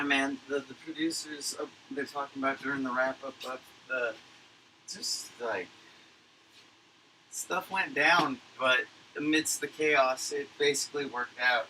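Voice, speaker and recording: A man talks from his computer at home in a loose, wandering monologue, full of fillers and casual swearing. His voice is very bright at a middling pitch. A faint background hiss sits under it. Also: rough recording. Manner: rambling, profane, filler-heavy. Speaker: livestreamer recapping a conference.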